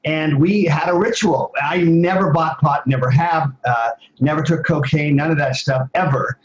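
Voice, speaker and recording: An older man in his sixties talks as an interview guest, rambling through personal stories. His speech is full of pauses and restarts. The sound is slightly dull and muffled. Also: fairly high pitch. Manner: rambling, with many fillers and restarts. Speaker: guest, former athlete and advocate. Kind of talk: casual storytelling interview.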